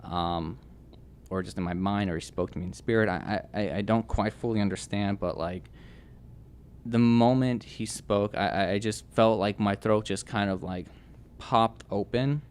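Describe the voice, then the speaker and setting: A young man appears as a podcast guest to share his personal testimony in a lowish, smooth voice. He's earnest but halting, restarting often and using lots of fillers.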